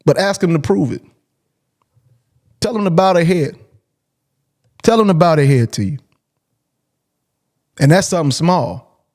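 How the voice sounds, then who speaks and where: A man's voice: on the high side, animated, unhurried, long pauses, a little mellow. A man hosting a call-in show, talking casually and bluntly, repeating his points for emphasis. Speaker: host.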